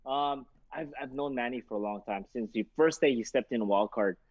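Speaking briskly at a medium pitch, a boxing trainer appearing as a guest in a casual interview tells animated stories, imitating the voices of the people in them and using lots of fillers. There's no echo, but the recording sounds dull, muffled and lo-fi.

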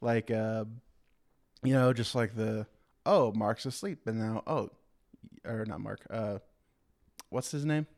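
A man's voice: on the low side, steady tone, takes it slowly, creaky, pauses often, a little mellow. Rambling man on a casual podcast. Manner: rambling, quotes scenes in playful put-on voices. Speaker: podcast co-host. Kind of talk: casual chat.

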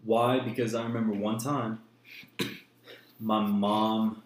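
A man's voice: lowish voice, level tone, slow. A young man telling a personal story in blunt, profane casual chat. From New Jersey. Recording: echoey room, faint noise.

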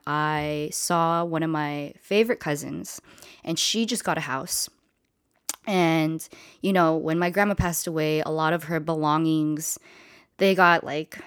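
A woman's voice: sits low, no echo, clean studio sound. A young woman hosting a podcast, telling a personal story candidly and emotionally, swearing casually. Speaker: podcast host.

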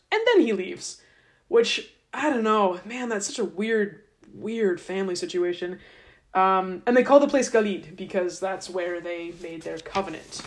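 A woman podcast host casually retelling a scripture story in a chatty, wry, irreverent way. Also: mid-range voice.

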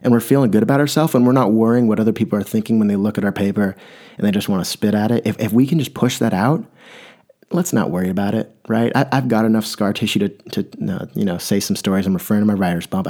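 This comic monologue comes from a man who meanders through a funny tale, tossing in wry asides as his pace shifts. He sounds low and mellow, taking his time in an easy, laid-back delivery.

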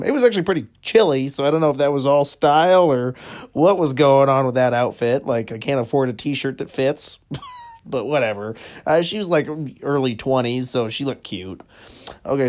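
A man with a middle-pitched voice telling comedic stories as a podcast host. He rambles, chuckles often and fills his sentences with lots of little pauses. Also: a little mellow. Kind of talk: comedic storytelling monologue.

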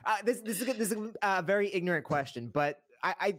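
A male interviewer chatting casually, talking quickly and restarting his sentences often. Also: sits high, animated, a bit bright. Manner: quick and conversational, with frequent restarts.

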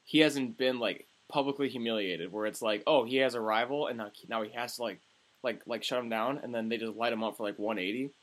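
A young man in his early twenties co-hosts a casual sports podcast. He talks loosely, swears freely, and pads his sentences with hesitant fillers. His pitch sits in an ordinary middle range. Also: brisk. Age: early 20s. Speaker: podcast co-host.

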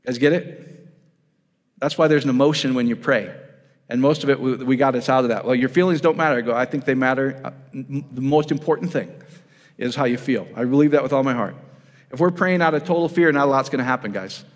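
A man's voice: mid-range voice, a little fast. A man preaching in a casual, conversational way, often asking his audience whether they follow him. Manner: casual, asks the audience questions, addresses them as guys. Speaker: pastor. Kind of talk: conversational sermon. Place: church hall. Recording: reverberant hall.

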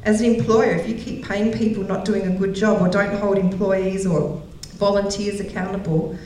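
A woman's voice: medium pitch, fairly even intonation, normal speed, darkish tone, slight background noise. Middle-aged woman preaching in an echoey hall. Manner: storytelling, laughs often, acts out quoted voices. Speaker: women's conference speaker. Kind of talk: sermon. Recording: very echoey hall, voice heard from a distance.

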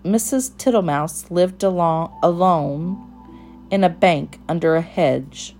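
Slow, gentle woman reading a storybook. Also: lowish voice, faint music behind. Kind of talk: storybook read-aloud.

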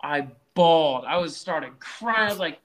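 A man, a podcast guest, telling animated stories in casual chat. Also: on the high side, normal speed. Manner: animated storytelling.

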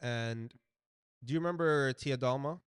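A man co-hosting a casual podcast, with a voice of ordinary pitch. He talks bluntly and swears freely, jumping between loud bursts and mumbled asides. The sound is dry and close. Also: normal speed, clear, resonant tone, no room sound. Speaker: podcast co-host. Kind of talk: casual chat.

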